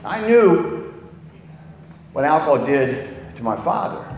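A man's voice: a little high, big pitch swings, takes it slowly. An older man from California telling his life story in a blunt, candid way, swearing freely and often restarting his sentences. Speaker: speaker sharing a recovery story. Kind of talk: personal testimony talk. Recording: echoey hall, long reverb, faint noise.

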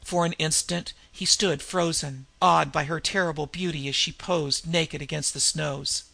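A man narrating fantasy fiction in a measured dramatic reading, slowing on vivid passages. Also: a little high, steady tone, creaky, bright, forceful tone, dry recording.

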